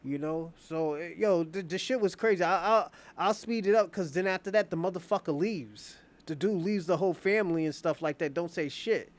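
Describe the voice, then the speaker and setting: High-voiced man rambling through a story. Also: normal speed, few pauses. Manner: slangy, profane, loose storytelling with many fillers. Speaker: streamer recapping a drama. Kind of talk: casual rambling retelling. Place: at home, indoors.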